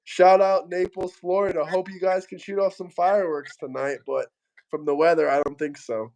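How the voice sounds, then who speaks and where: A man's voice: high-pitched, fairly even intonation, normal speed, darkish tone, poor audio. A man hosting a live stream, chatting bluntly and swearing a lot. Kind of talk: casual chat.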